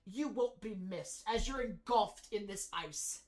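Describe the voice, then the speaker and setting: A woman's voice: medium pitch, unhurried, darkish tone, soft background music, lightly acted. A woman voicing a cold, menacing king who wields ice magic in a tabletop game.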